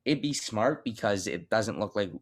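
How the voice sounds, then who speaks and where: A young man with a low, deep voice talks sports in a blunt, joking way. He sounds close and dry, with no room around him. It is loose podcast chat between co-hosts. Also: lively intonation, moderate pace, no echo. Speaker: podcast co-host.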